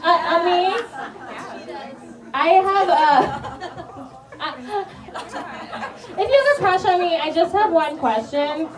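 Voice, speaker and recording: A woman's voice: very high-pitched, lively intonation, takes it slowly, long pauses. A woman performing a stand-up comedy set, rambling and self-mocking with lots of fillers, laughing at her own jokes. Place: small bar venue with live audience. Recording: echoey bar recording from far off, loud crowd.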